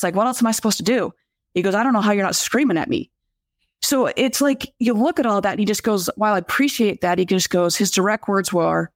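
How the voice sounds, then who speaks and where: A woman hosting a podcast, telling a long story in a casual, animated way, often restarting her sentences and reading out viewer comments. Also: mid-range voice, dry recording, studio quality. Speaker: podcast host. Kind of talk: casual livestream chat.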